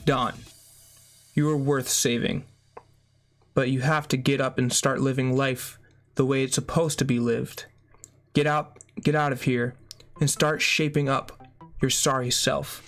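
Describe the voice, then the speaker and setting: A reader voicing a stern, calm male rehab counselor in a dry, matter-of-fact way while reading a memoir aloud. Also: medium pitch, unhurried, long pauses, soft background music. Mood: gruffly encouraging.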